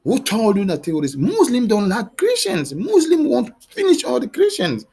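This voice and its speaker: A husky-voiced man speaks his mind straight to camera in a heated, pleading rant. His voice sits high and leaps up and down. He repeats his questions and breaks off into restarts as he goes. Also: huge pitch swings, warm tone. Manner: halting restarts and repeated words. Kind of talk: impassioned monologue to camera.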